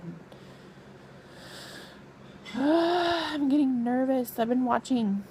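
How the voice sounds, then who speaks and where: Chatty pregnant woman with creaky voice. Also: mid-range voice, darkish tone, slight background noise, low-quality recording. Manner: chatty, rambling, laughs often. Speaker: vlogger. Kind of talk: casual pregnancy vlog chat. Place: lying in bed at home.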